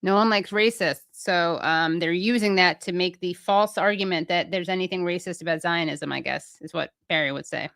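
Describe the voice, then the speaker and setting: Bright, sharp-voiced woman hosting a talk show. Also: lowish voice, normal speed, vocal fry, few pauses, dry recording, studio quality. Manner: reads quotes aloud, then adds her own wry comments. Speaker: host. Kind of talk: casual political talk show.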